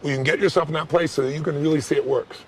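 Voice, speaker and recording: A man leading a live coaching session, intense and direct, pressing with quick questions. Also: a little high, steady tone, a little hiss or hum. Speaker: life coach on stage.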